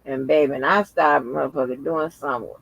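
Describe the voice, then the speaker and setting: This channel host's casual vlog commentary is chatty, exclamatory and full of swearing, and he calls his viewers y'all. His medium-pitched voice is fairly even, moderately paced, fairly bright and slightly rough with vocal fry, in a muffled recording without echo.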